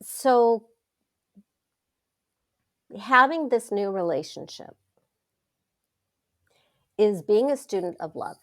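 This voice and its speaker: A middle-aged woman, a wealth coach, telling stories in a casual interview with dramatic, expressive delivery. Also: mid-range voice, slow pace, long pauses. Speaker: wealth coach, podcast guest.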